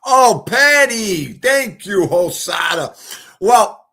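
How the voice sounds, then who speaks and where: A man with a fairly high voice hosting a livestream from home. He talks slowly and loosely, rambling from one thing to the next and getting emotional along the way. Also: lively intonation, vocal fry, pushed and bright. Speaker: livestream host. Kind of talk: casual chat.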